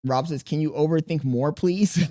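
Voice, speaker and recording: A young man chatting casually on his livestream, reading chat aloud and talking slowly on purpose, with plenty of swearing. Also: fairly high pitch, warm tone. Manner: laid-back, deliberately slow storytelling, swearing, reading chat aloud. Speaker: streamer.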